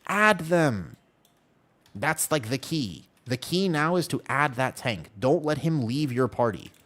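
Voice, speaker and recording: A man's voice: mid-range voice, measured pace. A man streaming a game live, chatting casually and animatedly with his viewers, with keyboard typing behind him. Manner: chatty, animated, talks to chat by name. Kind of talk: casual live-stream chat while gaming.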